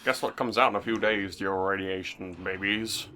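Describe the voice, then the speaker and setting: A man's voice: sits low, steady tone, normal speed, bright, forceful tone, a little hiss or hum. A young man co-hosting a video game let's play, joking around and rambling with many restarts. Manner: jokey, rambling with repeated restarts. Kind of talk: casual gameplay chat.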